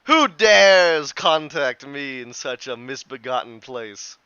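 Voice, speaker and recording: A man voicing a booming, pompous male god who speaks in grand, old-fashioned phrases. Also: expressive, takes it slowly, pushed and bright, clear, resonant tone, dry recording, exaggerated voice. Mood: booming jovial. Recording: dull lo-fi, dry.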